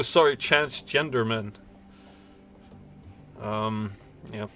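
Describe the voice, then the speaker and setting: A man chats his way through a game stream at an unhurried pace, full of fillers and jokes at his own expense. His voice sounds bright and forceful. Faint music plays underneath. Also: fairly low pitch. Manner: rambling, self-mocking, many fillers. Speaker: streamer host. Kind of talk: casual game stream commentary, reading game text aloud.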